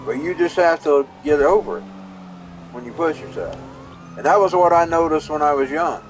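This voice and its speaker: A man's voice: a little high, normal speed, slight background noise, low-quality recording. A man telling a long personal story in a casual, rambling way while live streaming, often repeating and restarting his words. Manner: rambling, folksy, repeats himself.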